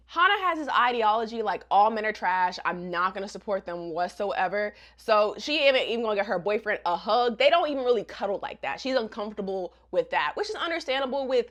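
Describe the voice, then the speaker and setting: A woman's voice: medium pitch, lively intonation, brisk, hardly any pauses, fairly bright tone. A woman giving a casual manga recap, slangy and joking, laughing often. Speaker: manga reviewer.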